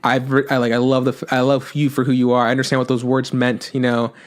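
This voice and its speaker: A man co-hosting a podcast talks fast and animatedly into his microphone. He retells scenes in casual chat, acts out the quotes and swears freely, at a middle pitch. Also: monotone. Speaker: podcast co-host. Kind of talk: casual chat recapping an anime.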